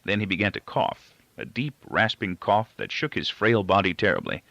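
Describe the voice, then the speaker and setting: A man reading a novel aloud in first-person narration, measured and expressive. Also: on the low side, vocal fry, dry recording. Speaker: audiobook reader. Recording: dull, dry lo-fi recording.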